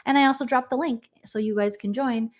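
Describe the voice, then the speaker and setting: A woman's voice: a little high, a little fast. Casual livestream host: chatty woman, rambling, acts out quotes.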